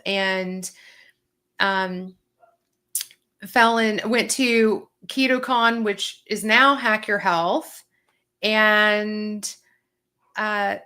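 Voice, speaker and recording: Woman guest, casual rambling chat, bright and slightly high, heard over a video call. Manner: rambling, lots of fillers and restarts. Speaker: guest, registered nurse.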